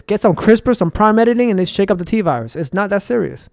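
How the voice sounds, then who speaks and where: Young man, high-pitched, rambling and profane, dry close sound, conspiracy rant. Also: lively intonation, fast talker, gravelly, darkish tone, dry recording. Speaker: vlogger.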